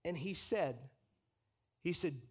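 A man preaching a sermon from the pulpit, animated and chuckling as he acts out the people he quotes. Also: on the high side, slow pace, breathy edge. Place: church pulpit.

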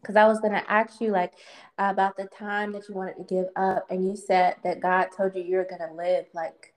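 A woman's voice: medium pitch, little pitch movement, moderate pace. A woman in a mid-range voice hosting a podcast. She talks casually and keeps encouraging her guest. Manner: encouraging listener, frequent affirmations. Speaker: podcast host. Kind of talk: casual chat.

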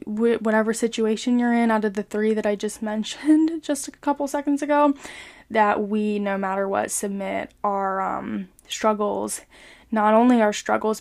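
Earnest young woman, flat hesitant delivery. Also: a little high, creaky. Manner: hesitant, full of ums and you-knows; earnest, soft-spoken. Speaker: vlogger sharing a faith reflection. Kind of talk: casual devotional talk.

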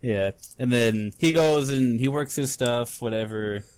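A man's voice: medium pitch, unhurried, darkish tone, clear, resonant tone, no echo. A young man co-hosting a podcast, telling a rambling story full of swearing in casual chat. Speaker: podcast co-host.

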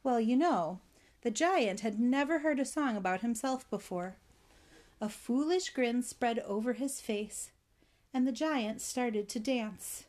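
A woman telling a children's story, expressive and adding spoken sound effects. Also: a little high, unhurried.

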